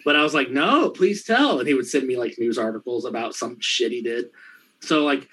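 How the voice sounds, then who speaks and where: A man telling a profane anecdote in casual chat, laughing often and acting out the other people's lines in quick, rambling bursts. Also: mid-range voice, fairly even intonation, fairly bright tone, husky, poor audio. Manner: quick, rambling delivery with fillers. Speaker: storyteller in a conversation.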